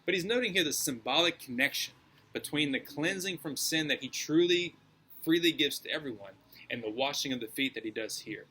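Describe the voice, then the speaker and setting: A man's voice: fairly high pitch, lively intonation, brisk, bright, forceful tone, husky, poor audio. A male pastor preaching a sermon in a casual, slangy and emphatic way.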